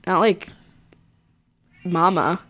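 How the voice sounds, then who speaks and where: Young woman speaking haltingly, full of "like"s. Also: fairly low pitch, fairly even intonation, fairly bright tone. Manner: hesitant, many likes, dry quips. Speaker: co-host, student. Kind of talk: casual movie-review chat.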